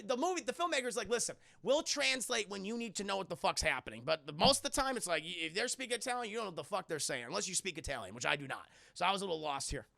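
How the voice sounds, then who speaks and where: Brief: male streamer, high and gravelly, casual swearing film breakdown, dry close sound. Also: sharp tone, no echo. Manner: rambling, profane, addresses chat. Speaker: film reviewer on a livestream. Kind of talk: casual chat.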